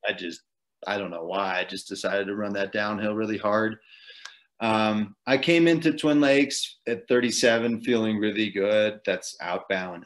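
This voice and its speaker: Laid-back low-voiced man, chuckling storyteller. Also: fairly bright tone. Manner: chuckles often, loose and rambling with many fillers. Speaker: podcast guest, ultrarunner. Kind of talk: casual storytelling interview.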